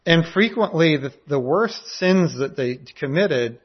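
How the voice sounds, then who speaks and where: A man's voice: a little high, animated, unhurried, husky. A man who preaches in jail gives a conversational sermon, often repeating his words as he goes. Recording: dull lo-fi recording.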